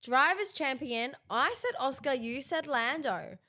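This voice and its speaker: Higher-voiced woman co-hosting. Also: animated, a little slow, bright, forceful tone. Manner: chatty, leads the segments. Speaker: podcast co-host. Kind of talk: casual chat.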